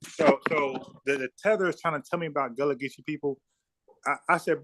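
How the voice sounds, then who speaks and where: A man from South Carolina hosts a livestream, arguing in a casual, heated way. His voice is a little high and a bit bright, and he talks briskly, bluntly and profanely, repeating words when he gets worked up.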